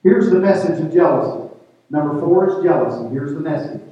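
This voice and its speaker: A man's voice: on the high side, animated, brisk, recorded from a distance. A man preaching a sermon as pastor, calling out to the congregation. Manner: preaching with call-and-response to the congregation. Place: church sanctuary. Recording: echoey hall, picked up from afar, dull sound.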